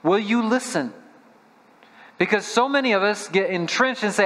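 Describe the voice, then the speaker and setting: A man's voice: high-pitched, normal speed, a bit bright. A man preaching a sermon as a missionary, earnest and plain-spoken, putting direct questions to the congregation. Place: church sanctuary. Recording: long church reverb.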